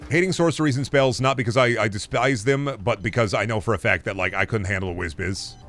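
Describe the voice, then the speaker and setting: A man's voice: quick pace, faint music behind. A man streaming a game, rambling in goofy bits and swearing freely as he plays. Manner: rambling, goofy, swings to loud high bits. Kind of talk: casual gameplay commentary.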